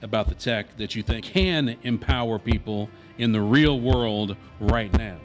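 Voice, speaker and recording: A man's voice: lowish voice, unhurried, soft background music. A man co-hosting a casual chat show, upbeat and playful, leading into each segment. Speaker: co-host.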